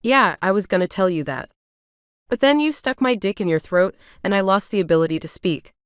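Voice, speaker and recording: A woman's voice: medium pitch, expressive, a little fast, smooth, no echo, studio quality, natural voice. Woman voicing a teasing young college guy. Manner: teasing, affectionate.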